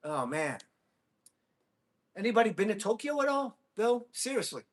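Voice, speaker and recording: Excitable high-voiced American man streaming. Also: normal speed. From United States. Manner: excitable, thanks viewers, whoops. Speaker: livestream host. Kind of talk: casual livestream chat.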